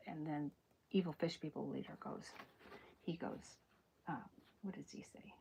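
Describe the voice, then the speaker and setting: A woman chatting in a soft-spoken, whispery way during an ASMR drawing livestream, rambling and correcting herself as she goes. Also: deep voice, measured pace, gravelly, pauses often, noisy background. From American South. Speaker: cartoonist streaming live.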